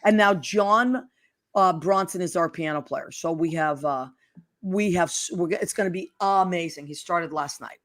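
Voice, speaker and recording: A woman's voice: lowish voice, normal speed. A woman hosting a casual chat show, gushing and affectionate. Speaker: host.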